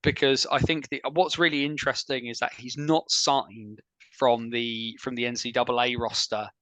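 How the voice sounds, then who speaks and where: A man hosting a casual sports podcast, chatty and opinionated, with quick asides. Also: mid-range voice, little pitch movement, pushed and bright, no echo, poor audio. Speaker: podcast host.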